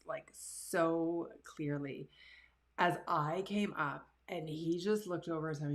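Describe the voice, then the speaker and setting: A woman, hosting a live show from her living room and telling stories about herself in a casual, animated, self-deprecating way. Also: low voice, slow, creaky. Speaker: livestream show host. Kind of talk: casual storytelling to live viewers.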